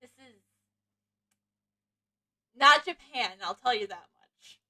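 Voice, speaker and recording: A woman's voice: fairly high pitch, expressive, slow, noisy background. A woman streamer giving playful, giggly commentary during a live game playthrough.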